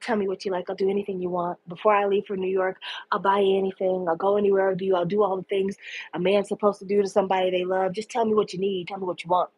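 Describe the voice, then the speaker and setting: A woman voicing a smooth-talking young man who makes big promises to his boyfriend, in a lowered, coaxing delivery. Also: level tone, fast talker, darkish tone, no room sound, close to an everyday voice, rough recording.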